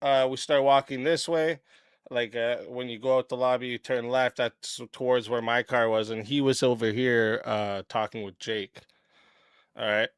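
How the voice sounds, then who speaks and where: A man hosting his channel, telling a story in a blunt, profane, casual way and clearing his throat often. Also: medium pitch, fairly even intonation, normal speed, dry recording, clean studio sound. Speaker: channel host.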